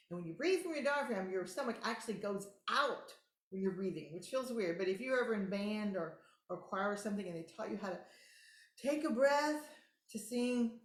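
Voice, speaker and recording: A woman who calmly and encouragingly guides listeners through simple relaxation tools in a casual teaching talk. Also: mid-range voice. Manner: calm, instructive, encouraging. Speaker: host. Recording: roomy echo.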